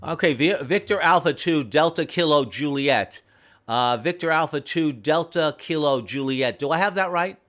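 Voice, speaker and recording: A man running an amateur radio station from home, friendly and repeating call signs slowly and carefully. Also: a little high, fairly bright tone. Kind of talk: on-air radio contacts, reading call signs.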